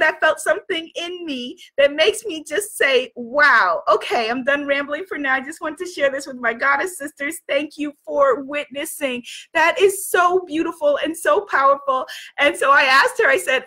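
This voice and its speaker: A woman's voice: sits high, pushed and bright. A woman spiritual coach hosting a motivational video, reading out messages and cheering with effusive repeated praise.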